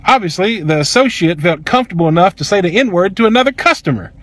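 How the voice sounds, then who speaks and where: Fast-talking, heated man. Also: high voice, expressive, fairly bright tone. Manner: heated, profane, emphatic. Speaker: vlogger. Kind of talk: angry personal storytelling.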